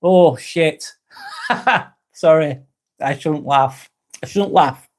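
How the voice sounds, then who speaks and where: A man hosts a relaxed livestream, reading out viewer comments and chatting back. His voice sits a little high for a man, and his talk is loose and frequently broken by laughter and casual swearing. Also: takes it slowly. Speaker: livestream host.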